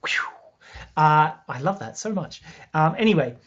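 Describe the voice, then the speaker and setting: A man's voice: fairly high pitch, expressive, moderate pace, dull audio. A young Australian man hosting a live beading tutorial, chatting with viewers and reading out their comments between steps. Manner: chatty, upbeat, reads out viewer comments while explaining steps.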